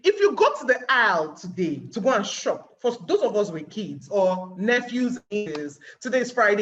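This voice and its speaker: Nigerian woman for a webinar talk: animated, plays out scenes, very expressive pitch; muffled lo-fi recording. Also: normal speed, hardly any pauses, soft background music. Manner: animated, acting out little scenes and asking rhetorical questions. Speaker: guest speaker.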